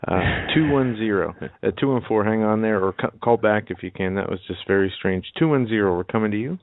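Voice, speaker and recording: A man co-hosting a talk radio show, briskly handling incoming calls. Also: fairly low pitch, dry recording. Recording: phone-like narrow sound.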